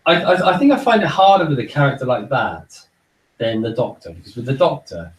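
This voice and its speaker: A man's voice: medium pitch, very animated, brisk. A man co-hosting a casual podcast, talking in loose, rambling sentences and often repeating words while he thinks. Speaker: podcast co-host. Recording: roomy echo, far from mic.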